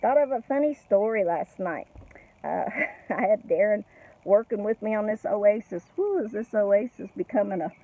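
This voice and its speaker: A woman's voice: medium pitch, lively intonation, normal speed. A middle-aged or older woman telling a family story in a chatty way, laughing often and adding asides, over tinny phone-like audio. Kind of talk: casual personal storytelling.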